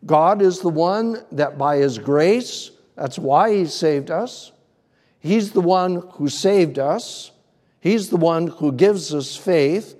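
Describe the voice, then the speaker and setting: A man preaches a measured expository sermon, laying out his points one heading at a time. His voice sits a little high for a man but sounds mellow and dark, and he speaks unhurriedly. The sound carries a long reverb, as in a church sanctuary. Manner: methodical, outlines points with numbered headings.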